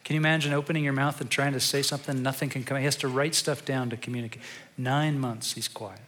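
Bright-voiced male preacher telling a story. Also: medium pitch, steady tone, quick pace, slight background noise. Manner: conversational storytelling, moving to a quiet, reflective tone. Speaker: pastor. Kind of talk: sermon.

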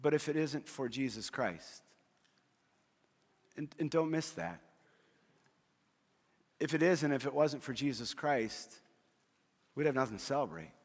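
This sermon comes from a middle-aged pastor with a mid-range voice who speaks at a measured pace and pauses often. He tells funny stories, restarting phrases again and again, under a long hall reverb.

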